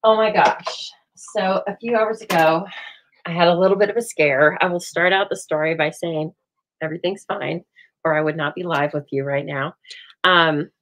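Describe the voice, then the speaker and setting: A woman hosting a live stamping show from home, chatting and telling stories in an animated, rambling way. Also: fairly low pitch, moderate pace, poor audio. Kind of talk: chatty live crafting demo. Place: home craft room.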